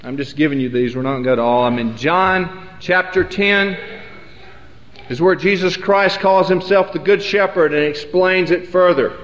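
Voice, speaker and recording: Male preacher, high voice, emphatic and rambling, in a roomy hall on a dull old recording. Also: steady tone, normal speed, a bit bright. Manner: rambling, emphatic, self-correcting. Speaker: Bible teacher. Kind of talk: sermon. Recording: echoey hall, dull lo-fi sound.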